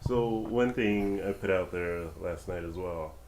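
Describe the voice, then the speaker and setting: A man's voice: low-pitched, measured pace, a little mellow, reverberant, low-quality recording. A man co-hosting a casual podcast chat, musing loosely with plenty of fillers. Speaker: podcast co-host.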